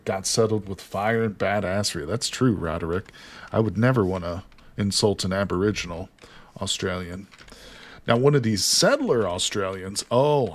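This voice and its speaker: A man with an American accent and a slightly low voice chats on a game live stream. He teases his viewers and his co-player, swearing casually as he jokes. His talk is loose and conversational. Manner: joking, teasing, swears casually.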